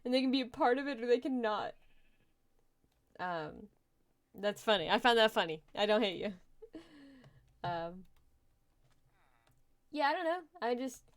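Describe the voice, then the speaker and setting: Young adult woman streamer, smooth resonant voice, chatty and giggly while she plays. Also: on the high side, lively intonation, a little slow, pauses often. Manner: chatty, laughs often, thinks aloud while playing. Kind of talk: casual live gaming stream chat.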